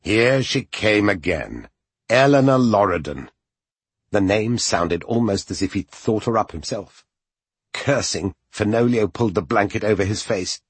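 A man reading an audiobook as its narrator, in expressive, measured storytelling. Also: on the low side, husky, no room sound.

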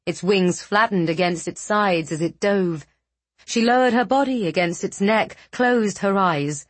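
A woman narrating a fantasy novel with measured, dramatic storytelling. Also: medium pitch, dry recording. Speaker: audiobook narrator.

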